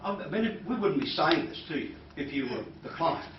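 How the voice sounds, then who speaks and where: A man who is a hypnotist, leading a live training demonstration and talking in a calm, soft-spoken way that sometimes drops to a hush. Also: on the high side, a little fast. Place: training room with an audience. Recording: roomy, distant, dull recording with noise.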